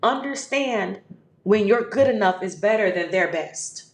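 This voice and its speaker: A woman's voice: medium pitch, expressive, measured pace, slight background noise. A woman hosting a podcast, giving a motivational talk with emphatic, repeated affirmations and calling the listener "baby". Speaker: podcast host. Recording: echoey room.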